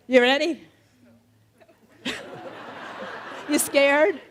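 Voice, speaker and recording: A middle-aged woman telling folktales live in a festival tent, playful and animated, joking with the audience and leading them in refrains. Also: on the high side, slow, long pauses. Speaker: storyteller. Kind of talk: live storytelling performance. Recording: faint audience crowd behind. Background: faint crowd of listeners.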